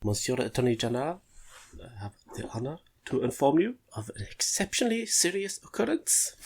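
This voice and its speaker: A stiff, pompous letter writer with a clumsy foreign accent that keeps sliding off course, as a man hams it up. The gravelly voice swoops between high and low. It is a husky, playful bit of podcast reading. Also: big pitch swings, fairly quick, darkish tone. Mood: mock formal.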